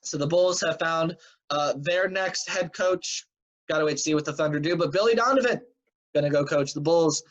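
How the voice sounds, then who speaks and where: At a moderate pace, a slightly high-voiced man hosts a casual sports news recap, tired and yawning, rambling chattily with many fillers and offhand predictions. The audio is dull and lo-fi, like a cheap home setup.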